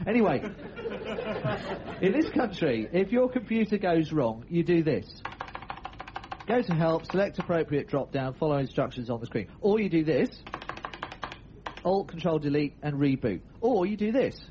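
A man's voice: a little high, expressive, normal speed, long pauses, highs cut off, noisy background. A man hosting a comedy radio show, telling odd news stories with playful, laughing patter. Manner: playful, laughing, jumps into funny voices. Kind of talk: jokey comic radio patter.

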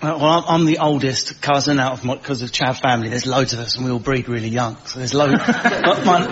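A man's voice: on the high side, muffled recording. A man on a comedy panel, rambling in a sardonic way.

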